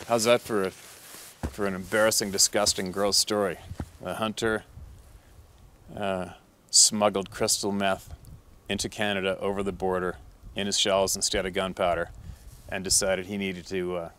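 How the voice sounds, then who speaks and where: A low-pitched man tells a story from his work as a hunting guide. He talks bluntly and swears freely, rambling from one beat to the next with plenty of fillers. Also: a bit bright. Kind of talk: casual storytelling.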